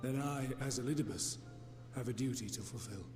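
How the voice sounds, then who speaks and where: An actor voicing a solemn ancient male emissary in a video game cutscene, speaking in grave, formal, measured lines. The audio sounds echoey, with music playing under it. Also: medium pitch, darkish tone, lightly acted.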